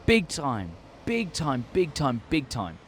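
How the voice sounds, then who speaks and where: An Australian man hosting a casual opinion vlog, rambling and excitable, with heavy swearing, talking into a desk microphone. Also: on the high side, slow pace, a little hiss or hum. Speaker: show host.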